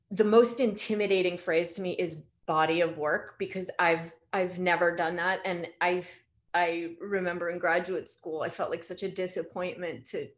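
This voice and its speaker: A woman in her forties talks through her work in a relaxed conversation. She speaks haltingly, restarting her sentences often, in a slightly low voice. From United States. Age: 40s. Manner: hesitant, halting, many restarts. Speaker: artist guest. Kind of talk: casual conversation.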